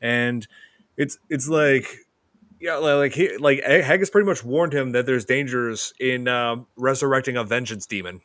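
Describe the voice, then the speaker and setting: A man's voice: medium pitch, normal speed, a bit bright, no echo, clean studio sound. A man hosting a casual horror film podcast, rambling with many fillers. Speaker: podcast host.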